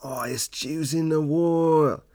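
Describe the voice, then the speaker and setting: Gushing aussie nature-show guy, a man putting it on, pitched way up, drawn out, dry close sound. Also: steady tone, slow, darkish tone, no echo. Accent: Australian, put on. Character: excitable adult male Australian wildlife TV presenter.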